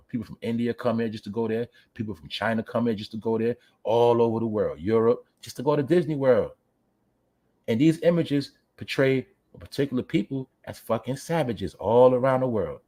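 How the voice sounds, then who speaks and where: Male livestream host, mid-pitched voice, blunt, profane, preachy commentary rant. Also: darkish tone. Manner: profane, blunt, preachy, talks straight to viewers. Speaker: show host.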